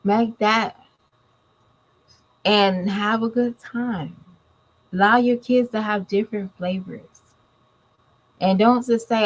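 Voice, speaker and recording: A woman in her thirties talks with a drawl in a casual commentary vlog. She speaks plainly and bluntly to her viewers and scolds them without softening it. Her voice sits at an ordinary middle pitch. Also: steady tone, takes it slowly, long pauses, rough recording. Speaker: commentary vlogger.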